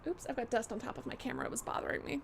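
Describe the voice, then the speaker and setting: A woman's voice: a little high, rapid-fire, slightly rough. A young woman live-streaming a game, reacting casually with jokes, swearing and playful baby talk.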